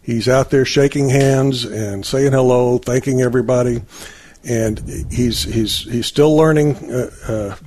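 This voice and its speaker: Hesitant volunteer. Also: male voice, medium pitch, a little slow, darkish tone. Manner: hesitant, many fillers. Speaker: parish volunteer. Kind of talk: radio interview guest.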